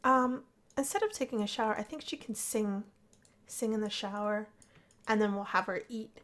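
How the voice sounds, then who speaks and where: A woman giving chatty, excitable commentary as she plays a life-simulation game, gasping and gushing over what happens. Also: mid-range voice, normal speed. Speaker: gameplay narrator. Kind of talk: casual let's play commentary.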